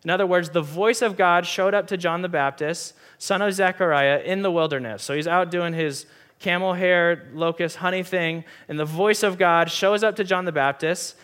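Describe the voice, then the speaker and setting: Earnest higher-voiced male preacher. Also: normal speed, a bit bright. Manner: earnest, emphatic, repeats key lines for stress. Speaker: pastor. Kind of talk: sermon. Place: church hall with audience.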